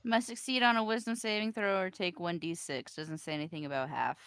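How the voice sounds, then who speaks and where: Playful woman player, smooth voice. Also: on the low side, steady tone, fairly bright tone, no room sound, clean studio sound. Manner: playful, quick comebacks. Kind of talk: casual tabletop play.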